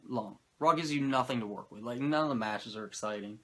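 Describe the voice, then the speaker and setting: A man hosting a podcast, recapping a show in animated, profane, sarcastic casual chat. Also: medium pitch, fairly quick. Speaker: podcast host recapping wrestling.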